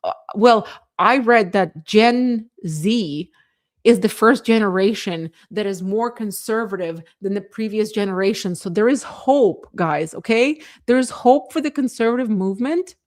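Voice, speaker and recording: A woman's voice: mid-range voice, measured pace. A woman from the Soviet Union hosting a livestream, chatting casually and reading viewer comments aloud, full of fillers and the word "like.". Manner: chatty, filler-heavy, many "like"s; earnest, rallying. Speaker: livestream host.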